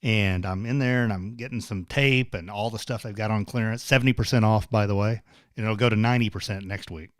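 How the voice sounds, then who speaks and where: A man's voice: on the low side, fairly even intonation, a little fast, dry recording. Dry-sounding man chatting casually. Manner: chatty, laughs easily. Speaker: co-host. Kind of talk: casual live-stream chat.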